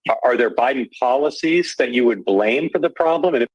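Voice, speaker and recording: A man's voice: mid-range voice, animated, fairly quick, slightly rough, no echo, lo-fi sound. A man interviewing a panel of voters for a news broadcast, probing with repeated restarts.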